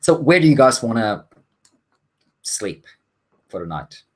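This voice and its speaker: A man's voice: medium pitch, sing-song, a little slow, slightly rough. A man narrating a tabletop fantasy game as game master, loose and rambling with many fillers and restarts.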